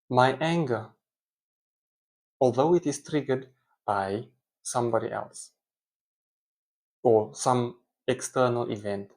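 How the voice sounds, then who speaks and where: A man's voice: mid-range voice, a little mellow. Man rambling through a casual monologue. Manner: rambling, self-correcting, conversational. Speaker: speaker, parent.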